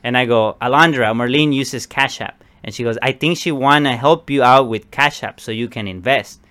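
A man's voice: mid-range voice, a little fast, sharp tone. A man co-hosting a podcast, telling a story in casual chat and acting out both sides of a conversation. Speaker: podcast co-host.

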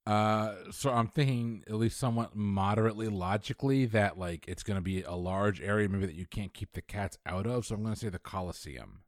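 Low-voiced jokey man, dry sound. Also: a little fast, hardly any pauses, no echo. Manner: rambling, jokey, thinks aloud. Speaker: podcast co-host playing trivia. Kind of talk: casual chat.

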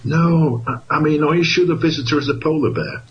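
A man's voice: a little high, very animated, a little fast, muffled recording, a little hiss or hum. A man playing a lovestruck, bumbling knight who stammers earnestly in a comic amateur pantomime.

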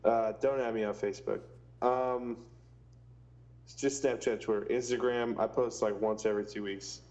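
A man's voice: mid-range voice, fairly even intonation, normal speed, darkish tone, lo-fi sound. A young man co-hosting a casual podcast, joking around and laughing often. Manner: jokey, laughs often, spells out handles. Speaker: podcast co-host. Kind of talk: casual chat.

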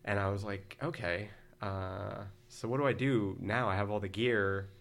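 A man's voice: on the low side, fairly even intonation, a little fast. A man in his forties, a guest on a podcast, telling long casual stories in a laid-back, rambling way. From Philadelphia area, United States. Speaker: podcast guest, former band vocalist. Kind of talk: casual storytelling chat.

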